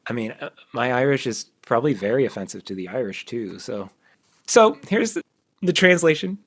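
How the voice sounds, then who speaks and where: A man hosting a casual podcast, reading his own poems aloud in a halting way, self-deprecating and quick to laugh. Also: mid-range voice, very animated, husky. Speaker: podcast host.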